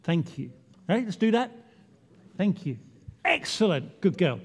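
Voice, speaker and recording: In a very animated voice that sits high, a church leader takes a measured pace through an all-age children's talk, engaging the congregation with chatty playfulness while a large hall's long reverb echoes around him.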